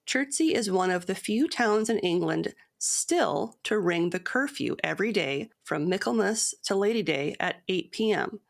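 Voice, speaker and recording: A woman co-hosting a podcast, reading a long poem and source quotes aloud in a measured storytelling cadence, then chatting casually. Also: fairly low pitch, creaky. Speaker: podcast co-host.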